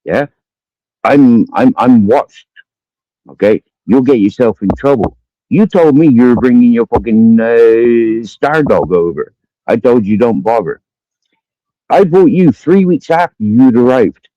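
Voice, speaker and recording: Slow and lively in intonation, this medium-pitched man with a Cumbrian accent rants angrily at someone on a livestream, swearing nonstop and repeating his accusations. He drinks as he talks, and there's no room sound, just dull lo-fi stream audio.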